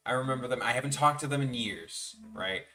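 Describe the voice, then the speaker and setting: While drawing on his stream, a young animator rattles off meandering, profane stories and impressions of people. His mid-range voice is bright, forceful, and fairly quick. The mic is a little far from him, and soft music plays underneath.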